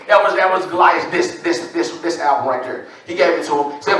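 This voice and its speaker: Pastor, male, high bright voice, loose slangy sermon, echoey hall. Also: fairly quick, hardly any pauses. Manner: casual slang-filled preaching. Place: church. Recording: echoey church from a distance.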